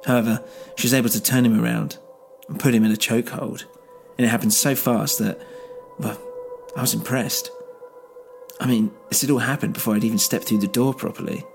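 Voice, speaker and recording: A man narrating a story in the first person, measured and low-key. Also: steady tone, gravelly, faint music behind. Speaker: narrator and host.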